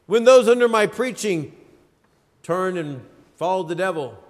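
A man in his fifties preaching a sermon, with emphatic delivery, dramatic pauses and lists, in a church sanctuary. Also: high voice, a bit bright. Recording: long hall reverb.

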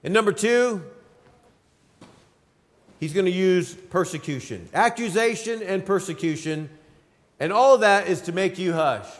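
A man in his fifties preaching a sermon, with emphatic delivery, dramatic pauses and lists, in a church sanctuary. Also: sits high, expressive. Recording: long hall reverb.

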